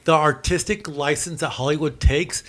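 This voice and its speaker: A man's voice: a little high, fairly even intonation, moderate pace, a bit bright. Man with a slight lisp. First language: Spanish. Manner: rambling, repeats words while explaining history. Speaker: co-host. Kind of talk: casual chat. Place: home in New Mexico.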